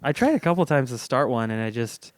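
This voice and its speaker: A man's voice: mid-range voice, sing-song, brisk, dry recording. A young man hosting a casual podcast chat, rambling through stories and laughing often. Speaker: podcast host.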